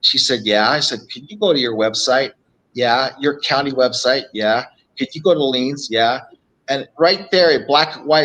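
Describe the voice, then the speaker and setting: Bright, animated coaching man. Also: medium pitch, rough recording. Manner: animated, acts out phone calls in stories. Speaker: real estate investment coach. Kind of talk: live show guest storytelling.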